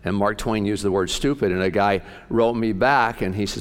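A man's voice: on the low side, normal speed, clean tone. A male pastor preaching in a folksy, joking, conversational way, telling stories. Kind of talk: sermon.

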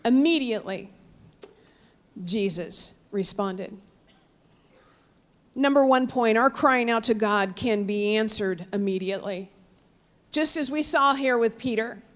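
A woman preaching in a slightly high voice. She tells a story with strong swings, rising loud and high for the cries, then sinking to soft, low murmurs. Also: measured pace, pauses often. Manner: storytelling, dramatic swings from loud cries to hushed near-whispers; quotes figures in raised voices, drops low and soft on God. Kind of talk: sermon.

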